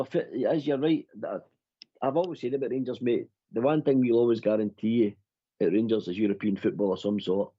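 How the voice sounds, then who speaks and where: A man with a medium-pitched, slightly rough voice hosts a football fan phone-in, chatting casually with his co-host and calling him "mate" constantly. The audio is dull and lo-fi.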